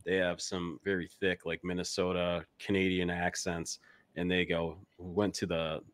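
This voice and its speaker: Wisconsin guy on a podcast, low voice, dry close sound, just rambling and cussing. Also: flat delivery, normal speed, no room sound. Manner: blunt, rambling storyteller with frequent cursing. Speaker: podcast host. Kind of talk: casual podcast chat.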